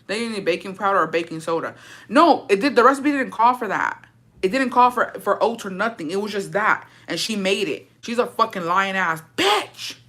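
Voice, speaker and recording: Blunt, sharp-voiced young woman livestreamer. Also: medium pitch, expressive, moderate pace. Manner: blunt, profane, gossipy and dramatic. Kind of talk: casual livestream chat, answering viewer comments.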